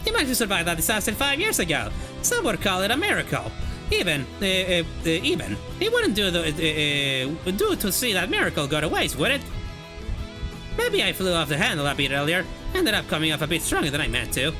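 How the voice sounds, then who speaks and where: A game streamer putting on a stern older woman who bluntly warns two youngsters off, pitched higher than the streamer's own talk. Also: wildly swooping pitch, fairly quick, music in the background. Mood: scolding. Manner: scolding, blunt, warning.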